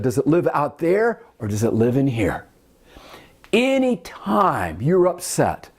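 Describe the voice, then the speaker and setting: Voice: mid-range voice, a little mellow. A self-help teacher in their fifties giving an earnest, emphatic teaching talk and asking the listener questions. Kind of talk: motivational teaching talk to camera.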